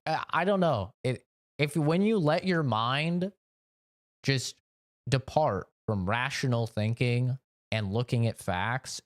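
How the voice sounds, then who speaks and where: Rambling man streaming a game. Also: medium pitch. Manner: rambling and opinionated, fillers like "you know", swears. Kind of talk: casual chat while streaming a game.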